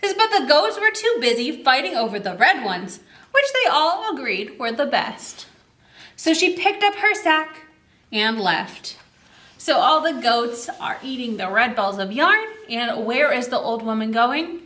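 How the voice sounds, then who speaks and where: Lively, bright-voiced woman reading a storybook aloud. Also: fairly high pitch, a little slow. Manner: reads to children and asks them questions. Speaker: children's librarian. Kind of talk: storytime read-aloud for children. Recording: roomy echo.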